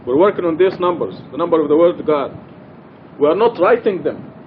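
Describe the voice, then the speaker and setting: Earnest man teaching, slightly high voice. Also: lively intonation, a little fast, phone-quality sound, a little hiss or hum. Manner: earnest, emphatic, repeats key points. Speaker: Quran study teacher. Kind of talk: religious study lecture. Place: mosque.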